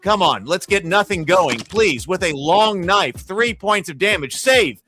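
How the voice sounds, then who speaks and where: A man's voice: sits high, measured pace, over music. A man running a live tabletop arena battle as game master, calling hits and damage play-by-play and cheering on the dice. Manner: excitable, cheers and pleads over dice results.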